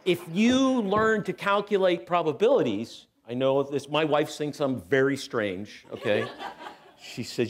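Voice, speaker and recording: Animated man telling a personal story. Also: a little high, unhurried, slight background noise. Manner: animated, self-mocking storyteller, acts out voices. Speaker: guest speaker. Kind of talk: storytelling talk at a spiritual center. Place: church hall. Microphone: handheld microphone.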